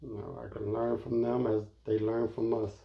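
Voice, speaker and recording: A man from the Philadelphia area who talks softly in short answers while washing hair, heard off-mic. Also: on the low side, flat delivery, moderate pace, gravelly. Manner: soft-spoken, brief answers. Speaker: business partner, hair washer. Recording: roomy, dull sound from off-mic.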